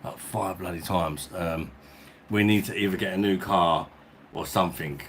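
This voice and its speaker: A man's voice: low-pitched, fairly even intonation, moderate pace, slight background noise. A man from England, chatting casually on a live stream, reading out viewer names and calling everyone mate. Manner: chatty, reads out viewer names and greets them; blokey slang, calls everyone mate. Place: at home, indoors.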